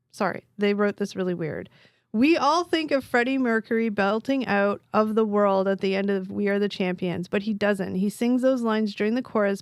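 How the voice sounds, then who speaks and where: A middle-aged woman hosting a casual podcast chat, reading items aloud and reacting with animated exclamations. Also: medium pitch, dry recording, studio quality. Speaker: podcast host. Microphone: recorded on phones.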